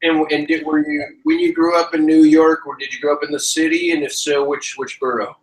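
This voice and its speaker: A man's voice: on the high side, flat delivery, brisk, low-quality recording. A man hosting a casual chat show, rambling and joking, sometimes breaking into sarcastic rants. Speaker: podcast host.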